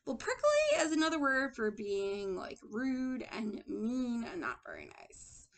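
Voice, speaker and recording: A woman's voice: a little high, wildly swooping pitch, a little slow. A woman teacher giving a lesson and reading a storybook aloud, asking the children questions and calling them friends.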